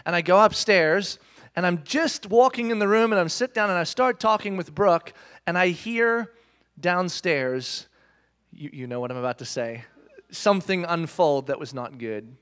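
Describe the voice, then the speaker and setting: Brief: man in his thirties, preacher, high voice, lively storyteller who jokes about himself. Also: moderate pace. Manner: animated, self-mocking, addresses the audience directly. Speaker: speaker. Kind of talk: storytelling sermon.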